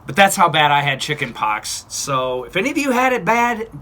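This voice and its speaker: A man in his fifties tells his own story straight to camera, blunt and chatty, tossing in playful asides. His voice sounds bright and forward. A faint background hiss runs under it. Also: fairly high pitch, sing-song, normal speed. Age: 50s. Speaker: vlogger. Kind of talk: casual personal story to camera.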